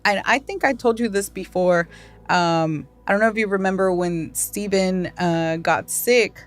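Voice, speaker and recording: A woman hosting a podcast, chatting in a relaxed way and often answering with short agreeing sounds. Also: medium pitch, measured pace, faint music behind. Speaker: podcast host. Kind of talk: casual chat.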